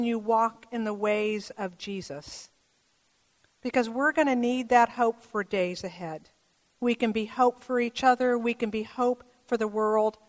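A woman pastor giving a sermon in a church, telling stories in a gentle, measured way. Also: high-pitched. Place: church sanctuary. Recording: long church reverb.

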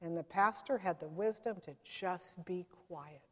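A woman's voice: lowish voice, unhurried, fairly bright tone. A woman pastor giving an Easter sermon, telling stories and acting out the voices of the people in them. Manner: storytelling, quoting others in changed voices. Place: church sanctuary. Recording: long reverb of a church.

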